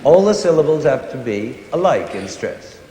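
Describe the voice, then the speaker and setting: A man's voice: medium pitch, moderate pace, a little hiss or hum. A man explaining music to a young audience in a concert hall, now and then singing or humming examples. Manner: animated, sings and hums examples. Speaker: conductor giving a concert lecture. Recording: roomy concert hall with long reverb.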